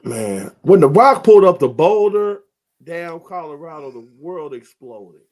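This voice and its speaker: A man's voice: a little high, big pitch swings, unhurried, a little mellow. Emphatic man co-hosting a podcast. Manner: emphatic, exclaims and swears for stress. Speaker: podcast co-host. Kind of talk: casual chat.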